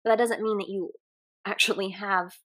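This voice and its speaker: A woman's voice: medium pitch, steady tone, moderate pace, a bit bright. A woman with a Southern US accent, co-hosting a podcast in casual chat, talking in a reflective, earnest way that trails off with fillers. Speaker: podcast co-host.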